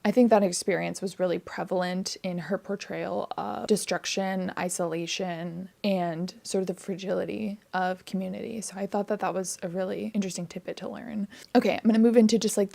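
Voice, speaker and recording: A woman's voice: mid-range voice, creaky, darkish tone. A woman reviewing a novel in a casual vlog, earnest and reflective, often saying "like". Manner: earnest and reflective, heavy use of "like". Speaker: book reviewer.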